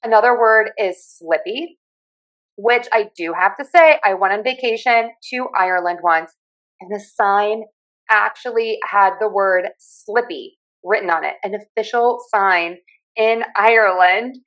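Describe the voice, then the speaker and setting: A woman from Pittsburgh with a Pittsburgh accent, a speech pathologist and communication coach explaining accent features in a clear, friendly teaching manner. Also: medium pitch, unhurried, fairly bright tone, poor audio. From Pittsburgh, USA. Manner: clear, friendly teacher who demonstrates sounds.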